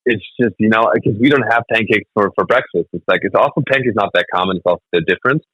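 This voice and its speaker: Comedian guest, male, 30s; quick, punchy, animated storyteller. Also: lowish voice, breathy edge, no room sound, low-quality recording. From Germany. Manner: animated storytelling, laughs often. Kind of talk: casual interview chat.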